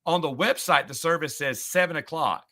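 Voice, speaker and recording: A middle-aged man in casual chat, a podcast host who talks in a sarcastic, chatty way and gets animated when retelling a story. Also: on the high side, moderate pace.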